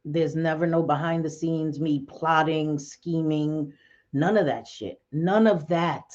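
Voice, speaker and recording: Woman, livestream host, casual chat, blunt, excitable, slightly low voice, dull lo-fi audio. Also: measured pace. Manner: blunt, profane, excitable, laughs often.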